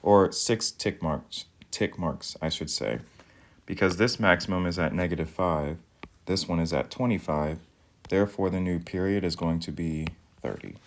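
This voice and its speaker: A man, a math teacher, explaining step by step in a calm, methodical recorded video lesson. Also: deep voice, moderate pace.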